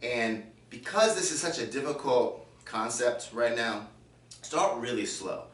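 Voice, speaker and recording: A man's voice: mid-range voice, lively intonation, a little slow. A man giving a drum lesson, explaining casually and checking in with the viewer. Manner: counts beats aloud while playing. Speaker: drum teacher. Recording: echoey room, distant mic, loud drums.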